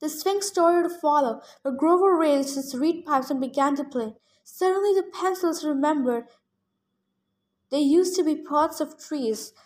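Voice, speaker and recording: A woman reading a novel aloud in first person, with steady storytelling. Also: high-pitched, unhurried. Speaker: reader.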